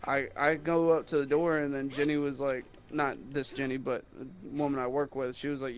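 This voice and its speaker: A young man who sells guitars, rambling through a mocking, animated story about rude customers in casual chat. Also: mid-range voice, fairly quick, few pauses, slight background noise. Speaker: guitar salesman.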